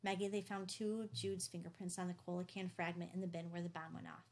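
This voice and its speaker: A woman reading the lines of a grim, tense middle-aged father who speaks low and clipped. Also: level tone, fast, gravelly.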